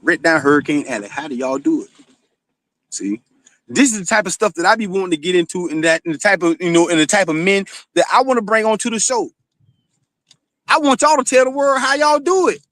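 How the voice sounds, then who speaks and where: A man with a notably high voice talks straight at his listeners, swearing freely and filling every pause with "you know." The sound is dry and close, with no room around it. He rambles from one story to the next like a host holding court on his own show. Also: fairly bright tone, dry recording. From Florida. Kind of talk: casual monologue.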